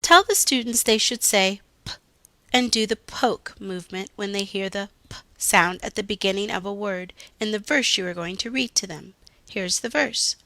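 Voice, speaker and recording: A woman reading out scripted teaching instructions in a slow, deliberate, carefully enunciated way. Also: mid-range voice, pushed and bright, no echo.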